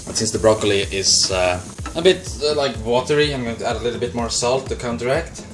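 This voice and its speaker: A man's voice: medium pitch, brisk, music in the background. A young man hosting a casual improvised cooking demo, rambling goofily between steps. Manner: goofy, rambling, slips into silly voices and chants. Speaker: cooking show host.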